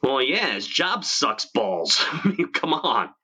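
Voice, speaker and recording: A man's voice: mid-range voice, big pitch swings, takes it slowly, bright, forceful tone, slightly rough. A man from New York hosting a casual chat show, swearing freely and laughing often. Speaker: podcast host.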